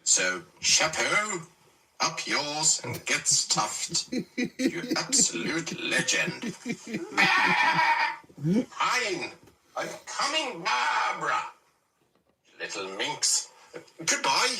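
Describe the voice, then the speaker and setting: A man's voice: sits high, wildly swooping pitch, very slow, pauses often, bright, forceful tone, distant mic, heavily acted, rough recording. A man voicing a sarcastic old man who teases and breaks into bleating outbursts.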